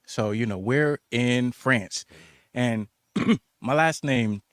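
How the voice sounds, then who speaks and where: Animated American man telling a story. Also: mid-range voice, slow, no room sound, studio quality. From United States. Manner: animated storyteller, acts out voices in quotes. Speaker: podcast guest. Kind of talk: casual podcast chat.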